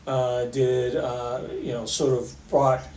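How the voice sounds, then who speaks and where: A middle-aged man, an orthopaedic surgeon, tells stories in a relaxed way, with many fillers and restarts. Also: mid-range voice, slow, roomy sound, far from the mic, a little hiss or hum, poor audio. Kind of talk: conversational storytelling interview.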